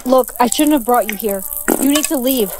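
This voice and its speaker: A synthetic woman's voice narrating a story, reading every character's lines in the same even computer voice. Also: a little high, normal speed, noisy background. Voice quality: synthetic, evenly paced computer voice. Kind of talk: text-to-speech story narration.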